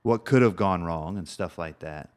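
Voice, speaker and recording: A man's voice: low-pitched, moderate pace. A middle-aged man co-hosting a podcast, chatting casually and telling rambling, joking stories. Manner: rambling, joking, lively storytelling. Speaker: podcast co-host. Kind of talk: casual chat.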